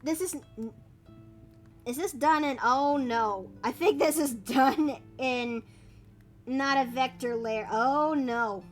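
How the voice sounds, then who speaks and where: A woman's voice: sits high, slow pace, faint music behind. A Canadian woman chatting casually as she draws live on stream, thinking aloud with playful asides. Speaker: streamer and artist. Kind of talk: casual chat while drawing live.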